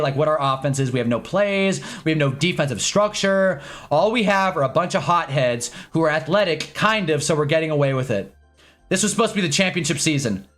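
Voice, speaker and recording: A young man streamer telling an exasperated, animated story in a casual rant, swearing as he goes. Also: fairly high pitch. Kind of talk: casual ranting livestream.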